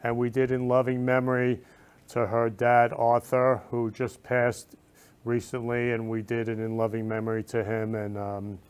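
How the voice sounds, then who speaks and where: A man hosting a talk show with a smooth, resonant voice. He talks in an effusive, heartfelt way and keeps repeating warm words of love. His pitch sits in the middle range. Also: monotone, moderate pace. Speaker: host.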